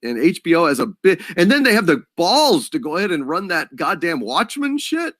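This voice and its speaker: A man co-hosts a live stream and talks in a blunt, profane way. His voice is fairly high and swings widely in pitch. The recording is dry. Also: very animated, moderate pace, a bit bright, no echo. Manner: blunt and profane, with sudden laughs. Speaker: co-host. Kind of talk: casual live stream chat.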